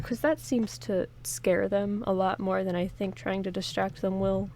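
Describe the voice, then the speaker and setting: A woman's voice: mid-range voice, steady tone, takes it slowly, a little mellow, a little hiss or hum. A woman reads an interactive story game aloud in first person, giving the narration a dramatic push. She stops now and then to chat and joke with her viewers before going back into the story. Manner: reads dramatically, breaks off for chatty, joking comments.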